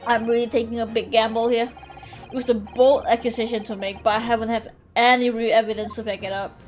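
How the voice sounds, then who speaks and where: A woman's voice: fairly high pitch, little pitch movement, fairly quick, soft background music. A young woman streaming a courtroom video game, chatting casually, giggling, swearing and rambling as she corrects herself. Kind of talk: casual livestream commentary.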